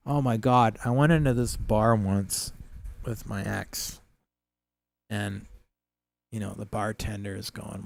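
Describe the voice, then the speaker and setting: A man's voice: lowish voice, steady tone, takes it slowly, vocal fry, long pauses, no room sound. A man hosting a livestream, telling rambling, profane stories in casual chat with many fillers. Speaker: livestream host.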